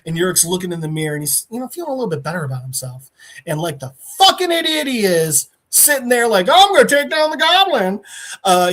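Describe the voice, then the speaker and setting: A man hosting a podcast, recapping a story in a casual, animated, profane way. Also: on the high side. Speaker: podcast host.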